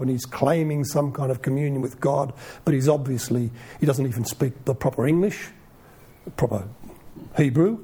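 A man giving an informal Bible teaching in a conversational way, full of rhetorical questions and lively asides. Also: mid-range voice, normal speed, husky.

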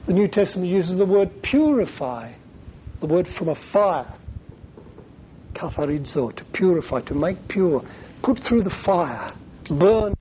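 A man preaches a sermon, his voice slightly high for a man yet mellow in tone. He talks earnestly, with pauses, and sometimes acts out the lines he quotes. A faint noise hums behind him. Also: sing-song.

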